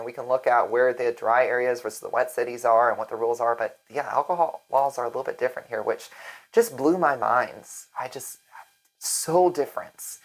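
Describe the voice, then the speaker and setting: In poor-quality audio, a woman with a bass voice chats casually to the camera in an upbeat vlog. She's a real estate agent from Alexandria, Virginia.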